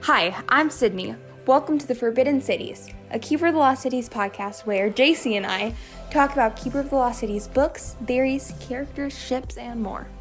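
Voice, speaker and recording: A woman's voice: a little high, moderate pace. Woman's cheerful podcast intro over music. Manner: cheerful, scripted welcome. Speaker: podcast co-host. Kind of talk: show intro.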